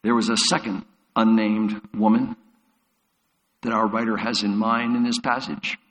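A man's voice: on the low side, flat delivery, a little slow, a bit bright. A man preaching a sermon as a pastor, retelling Bible stories vividly. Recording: long hall reverb.

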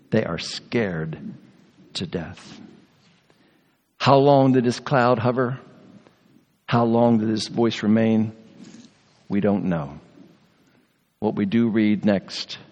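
A man preaching a sermon in earnest, storytelling fashion, slowing and softening on key words. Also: on the low side. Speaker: pastor. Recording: long reverb of a large hall.

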